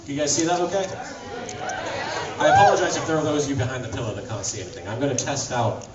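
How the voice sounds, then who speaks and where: A man's voice: mid-range voice, fast talker, very noisy. A British man from England speaking at a convention panel, self-deprecating and stammering through restarts with frequent laughs. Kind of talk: casual convention panel talk. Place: large convention hall with audience. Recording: roomy, distant, muffled fan recording in loud crowd.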